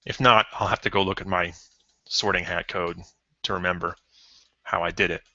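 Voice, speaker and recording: A man's voice: low-pitched, steady tone, normal speed, bright, forceful tone, no echo. A man talking through a live coding session, thinking aloud with frequent ums, self-corrections and the odd chuckle. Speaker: programmer streaming a coding session. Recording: dull lo-fi stream audio.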